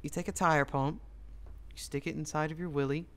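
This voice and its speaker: A young man in loose podcast banter, telling rambling stories full of "like." His voice sits a little high for a man. He laughs often and chatters on easily. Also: steady tone, brisk, fairly bright tone, smooth. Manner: rambling storytelling, lots of "like", bursts of laughter. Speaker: podcast co-host. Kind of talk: casual crude chat.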